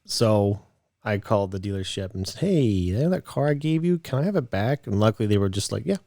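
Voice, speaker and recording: Slightly breathless, a late-twenties man co-hosting a podcast rambles through a story, frequently starting over. He speaks fairly quickly in a lowish, expressive voice with a dark tone, and the recording has no room sound.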